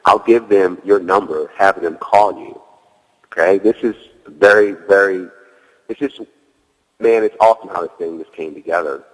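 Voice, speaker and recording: A man's voice: sits low, normal speed, in a large hall, poor audio. A man as a guest in an interview, telling a story casually, leaning on "you know" and acting out his own dialogue. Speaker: guest, real estate wholesaler.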